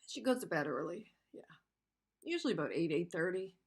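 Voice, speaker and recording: A woman's voice: fairly low pitch, big pitch swings, brisk, slightly rough. A woman in her fifties venting in a vlog, upset and telling a rambling, profane story. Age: 50s. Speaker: vlogger. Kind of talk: emotional personal venting.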